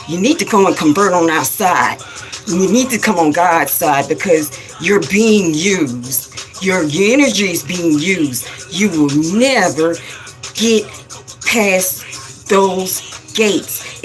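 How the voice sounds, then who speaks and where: A woman hosting a spiritual livestream, scolding viewers and repeating herself for emphasis in a rapid-fire way. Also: fairly low pitch, animated, soft background music. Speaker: livestream host.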